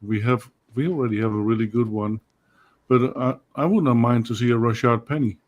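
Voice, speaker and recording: A man on a sports chat panel, hesitant and filling pauses often. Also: medium pitch, fairly even intonation, a little mellow. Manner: hesitant, many fillers.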